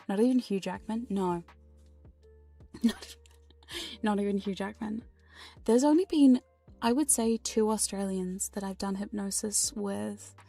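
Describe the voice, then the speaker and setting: Woman doing whispered role-play asmr, husky soft whisper, faint music behind. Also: medium pitch. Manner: soft whispering, rambling and playful; frequent laughs and swearing. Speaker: ASMR streamer. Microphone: binaural ASMR microphone.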